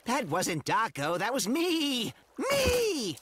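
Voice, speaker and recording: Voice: mid-range voice, big pitch swings, unhurried, fairly bright tone. A voice actor playing a vain, poetic male cartoon bird who talks in a pompous, theatrical way in a cartoon dub with music behind. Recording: studio dub over music.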